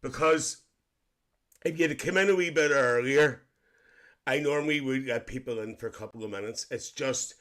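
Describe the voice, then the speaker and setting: On a comedy live stream, a man plays a cheeky, bawdy auntie, reading comments aloud with risqué jokes, gossip, giggles and squealed exclamations like "lovely". His voice is mid-range and a bit bright, lightly acted, at a moderate pace.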